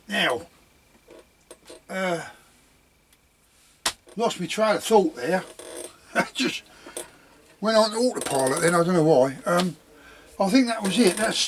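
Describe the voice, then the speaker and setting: A man's voice: high-pitched, slight background noise. A man rambling casually about his leatherwork in a home vlog, chuckling at himself as he goes. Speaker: leatherworking hobbyist.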